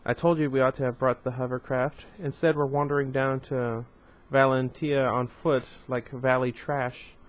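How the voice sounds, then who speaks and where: A man's voice: medium pitch, little pitch movement, moderate pace, hardly any pauses, lightly acted. A haughty, snobbish mother who scolds without looking back, as a man reads her out. The voice stays close to a plain storybook reading.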